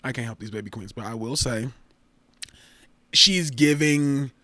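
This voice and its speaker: A man hosting a fashion review show, talking in a sassy, swearing, animated way with sudden jumps up in pitch. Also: fast, no echo. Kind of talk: casual commentary.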